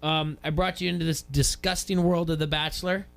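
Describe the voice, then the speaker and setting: A man's voice: fairly high pitch, level tone, a little fast, gravelly, fairly bright tone. A man co-hosting a sports radio show, chatting casually and rambling with many fillers and restarts. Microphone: studio radio mic.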